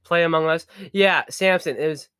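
A young man chats on a livestream, a touch high in pitch, his talk rambling and full of restarts. The sound is dry and close. He slips into quick apologies as he goes. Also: pushed and bright, smooth, no room sound. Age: young adult. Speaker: podcast co-host and streamer. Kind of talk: casual livestream chat.

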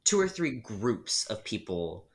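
A man chatting casually on a podcast, telling a story from his job. His pitch jumps around a lot as he acts out both sides of the exchange, and he punches the key lines with exasperation. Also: takes it slowly. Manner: animated, acts out customer dialogue with exasperated emphasis. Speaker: podcast co-host.

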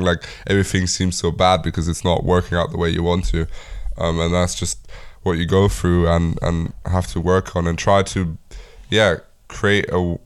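A man's voice: deep voice, smooth. A young man co-hosting a casual podcast, reflective and searching for his words as he talks. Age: young adult. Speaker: podcast co-host. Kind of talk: casual chat.

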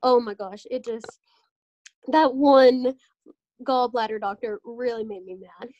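A young woman hosting a casual podcast chat, telling animated stories and acting out what doctors said to her. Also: a little high, a little slow, no room sound, highs cut off. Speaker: podcast host.

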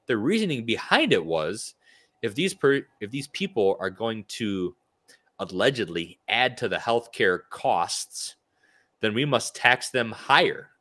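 A man's voice: lowish voice, very animated, measured pace, a bit bright. A man co-hosting a political talk show, ranting with indignant sarcasm.

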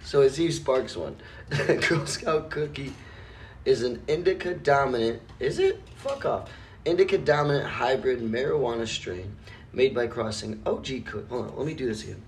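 A man's voice: mid-range voice, expressive, moderate pace. A young man in casual chat, laid back and joking with a friend. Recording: distant mic, faint hiss.

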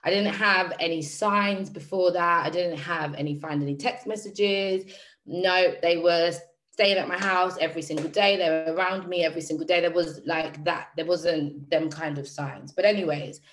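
A woman speaking to her audience, telling a personal story in a lively, emphatic, slangy way and often repeating phrases for effect. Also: fairly low pitch, moderate pace, slight background noise. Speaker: motivational speaker.

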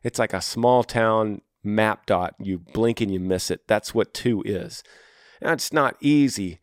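A man with a low voice hosts an advice podcast, speaking earnestly and encouragingly to a listener. He repeats his key points for emphasis. The sound is dry and close, recorded at a studio microphone. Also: a little slow, smooth, no echo. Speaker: podcast host.

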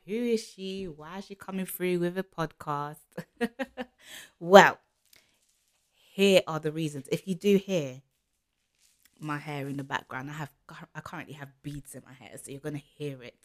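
A young woman with a London accent hosting her own podcast in an upbeat, chatty way, full of greetings and shout-outs. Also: fairly low pitch. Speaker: podcast host. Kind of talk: casual solo podcast chat.

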